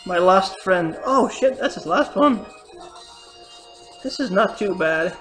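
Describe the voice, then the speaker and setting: Woman, let's player, gameplay commentary, swearing outbursts, slow pace, mid pitch. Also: expressive, a bit bright. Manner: cursing and crying out at the game. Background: faint game music.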